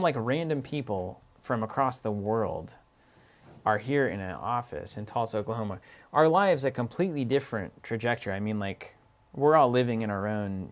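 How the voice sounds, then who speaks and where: A man co-hosting a card game stream from an office, chatting casually, laughing often and reading viewer comments aloud. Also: fairly low pitch.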